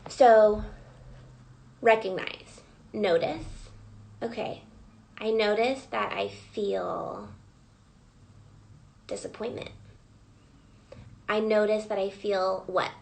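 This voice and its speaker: A woman's voice: medium pitch, slow, gravelly, pauses often, a little mellow, low-quality recording. A woman coach leading a live guided reflection session, prompting listeners with repeated questions. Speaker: emotional wellness coach.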